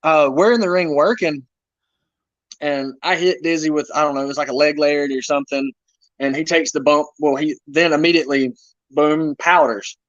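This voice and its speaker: A man with a slightly raised pitch tells stories in an animated, joking way. The sound is dull and lo-fi, dry with no room around it. He talks casually, like a guest swapping tales with a friend. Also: normal speed, dry recording. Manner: animated storyteller, self-deprecating humor. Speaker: wrestler guest. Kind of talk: casual interview chat.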